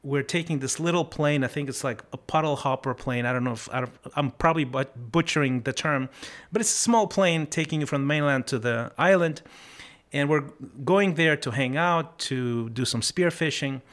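This podcast host, a man, reflects earnestly on life lessons for a motivational audience. He narrates stories informally, restarting phrases now and then and slowing down to underline key ideas. His pitch leans high, with a fairly bright tone.

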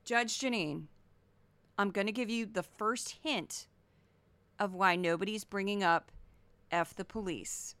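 A woman in her forties from Missouri hosts a solo commentary podcast. She talks in an animated, sarcastic, goofy way. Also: mid-range voice, measured pace, long pauses, no room sound. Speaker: podcast host.

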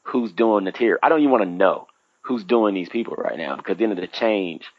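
A man's voice: lowish voice, lively intonation, a little fast, no room sound, lo-fi sound. A man in his thirties chatting casually, telling a story and acting out his own reactions with big jumps in voice. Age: 30s.

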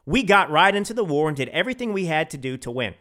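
Emphatic man with a lively voice. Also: on the high side, fast talker. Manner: emphatic, opinionated, repeats phrases for stress. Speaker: podcast host. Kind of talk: solo political commentary.

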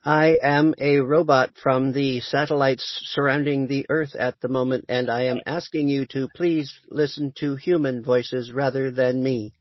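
A man voicing a polite male robot orbiting Earth, delivered calmly in a plain human voice. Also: medium pitch, measured pace, few pauses, no room sound, dull audio, close to an everyday voice. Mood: earnest.

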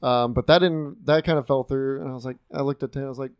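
A man's voice: medium pitch, steady tone, quick pace, clear, resonant tone, dry recording, dull audio. A young man, telling an easygoing story in casual podcast chat. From Texas. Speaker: podcast co-host.

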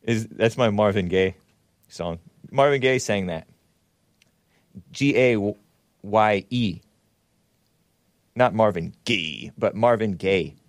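A man hosting a talk show, giving casual political commentary in a mocking tone with laughing asides and sudden jumps in pitch. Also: slow, long pauses, dry recording, clean studio sound.

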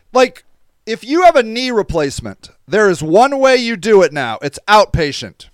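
A tired podcast host with a stuffy nose rambles through a casual livestream, reading viewer comments aloud. His fairly high voice swings widely in pitch and is very animated at a measured pace. It sounds smooth and clear, recorded close and dry without echo.

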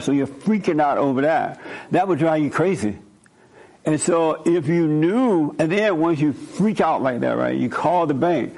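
A man's voice: a little high, normal speed, darkish tone. A man giving an informal spoken sermon in a conversational way, repeating his points and often checking in with "right?". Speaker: preacher.

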